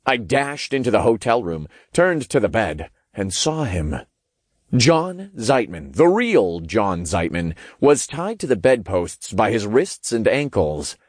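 A man narrating an audiobook in the first person, with lively, expressive storytelling. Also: fairly low pitch, slow pace, no room sound, clean studio sound.

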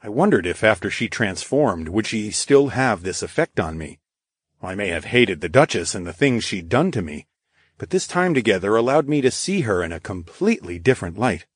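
A man giving expressive first-person narration of a story. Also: lowish voice, moderate pace, slightly rough, no room sound, clean studio sound. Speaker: audiobook narrator.

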